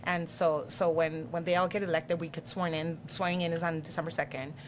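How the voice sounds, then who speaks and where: A middle-aged woman, a politician and podcast guest, telling stories in a lively, casual way and putting on voices for the people she quotes. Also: low-pitched, fairly quick, a little hiss or hum. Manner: animated, acts out quoted voices. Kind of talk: casual storytelling.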